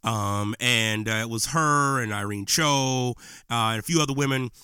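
A man hosting his podcast, speaking straight to listeners in a loose, slangy and impassioned way. His voice is bright and forward. The mic is close and the sound is dry, with no room echo. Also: mid-range voice, normal speed, clear, resonant tone. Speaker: podcast host. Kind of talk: casual podcast monologue. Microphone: podcast microphone.

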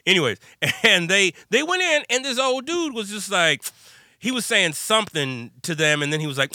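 A man's voice: high voice, big pitch swings, normal speed, pushed and bright, dry recording, studio quality. A man from Chicago hosting a podcast, telling a story in a loose, chatty way with restarts. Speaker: podcast host. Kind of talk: casual conversational storytelling.

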